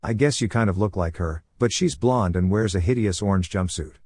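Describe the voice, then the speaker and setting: A man's voice: fairly low pitch, brisk, darkish tone, dry recording, studio quality, natural voice. A man voicing a lecherous, boastful older male sage who talks in an offhand way.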